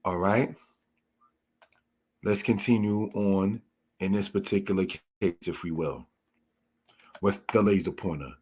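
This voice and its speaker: A man with a low, husky voice gives a scripture lesson at an unhurried pace. He explains each word patiently and keeps calling his listeners brothers and sisters. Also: a little mellow. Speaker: Torah teacher. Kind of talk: slow spoken Bible lesson.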